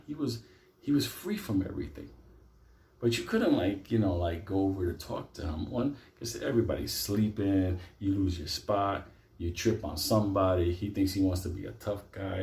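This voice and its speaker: A man telling a story in a profane, animated, conversational way. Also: on the low side, moderate pace, echoey room. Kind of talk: comic storytelling.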